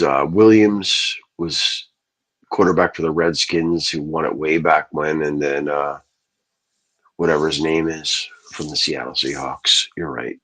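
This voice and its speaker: A man with a very deep, husky voice rants on a livestream, swearing freely. He rambles from one thought to the next and keeps answering his chat. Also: a bit bright, rough recording. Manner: profane, rambling, talks back to chat. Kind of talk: casual livestream rant to chat.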